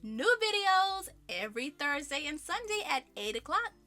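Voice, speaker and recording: A woman's voice: sits high, big pitch swings, moderate pace, pushed and bright, soft background music. A woman hosting a home cooking show, chatting casually to viewers as she bakes, with friendly asides about what she likes and dislikes. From American South. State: out of breath.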